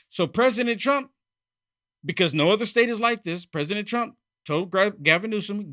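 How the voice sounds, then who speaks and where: A man's voice: high voice, animated, brisk, bright, forceful tone. A man hosting a heated political opinion monologue, repeating himself and mocking opponents. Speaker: political commentary host.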